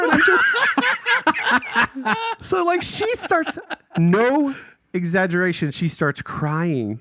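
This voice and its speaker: This podcast co-host has a high-pitched voice, a slow pace, and frequent pauses. He tells a casual, animated story, laughing a lot and acting out quotes with raised voices.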